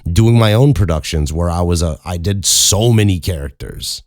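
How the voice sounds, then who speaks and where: A man with a Chicago accent and a strikingly deep, low voice hosts a podcast. He talks candidly and casually and stumbles over restarts as he thinks aloud. The sound is dry and close-miked, with no room echo. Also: normal speed, a little mellow. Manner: candid, conversational, with frequent restarts. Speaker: podcast host and voice actor. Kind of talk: casual advice talk.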